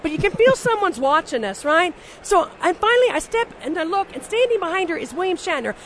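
A woman guest in an interview, telling blunt, animated stories in a casual way with frequent restarts and some swearing. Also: very high voice, a little fast, slight background noise. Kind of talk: casual anecdotal storytelling.

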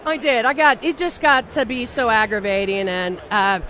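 High-voiced woman telling blunt stories. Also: normal speed, a little hiss or hum. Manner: blunt, animated, profane, with frequent restarts. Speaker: interview guest, novelist. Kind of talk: casual anecdotal storytelling.

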